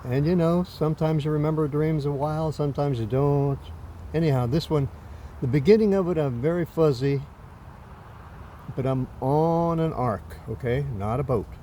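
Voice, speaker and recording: A man's voice: on the high side, normal speed, dark tone, a little hiss or hum. A man casually recounting a dream in a rambling, self-deprecating way. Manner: rambling, self-deprecating, with many fillers and restarts.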